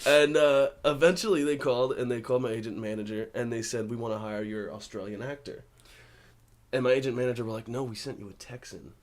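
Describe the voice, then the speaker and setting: A man's voice: medium pitch, fast. Young American male actor, casual guest storyteller, laughs a lot. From United States. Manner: laughs often, relaxed storytelling. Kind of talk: casual interview chat.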